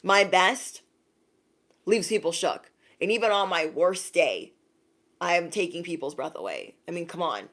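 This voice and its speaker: Speaking a little slowly in a lowish voice, this young intuitive reader keeps her livestream casual. She laughs a lot, stays animated, and calls out viewers by name to thank them.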